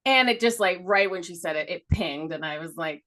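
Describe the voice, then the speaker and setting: Speaking a little fast in a lowish, slightly bright voice, this middle-aged podcast co-host wanders through a story in relaxed conversation. She laughs often and curses casually.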